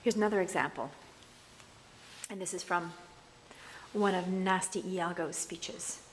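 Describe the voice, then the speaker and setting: A woman's voice: fairly low pitch, a little hiss or hum. Woman lecturing on verse, echoey room. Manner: explanatory, reads quoted verse slowly and deliberately. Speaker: literature lecturer.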